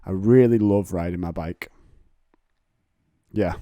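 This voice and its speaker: Sitting on his couch at home, an English podcast host talks solo in a low, slow, dark voice, digressing freely and poking fun at himself. The audio is studio quality with no room sound.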